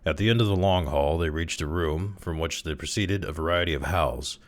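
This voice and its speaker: A man casually reading a classic short story aloud, with expressive, dramatic delivery. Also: extremely low pitch, brisk. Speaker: narrator, audiobook reader.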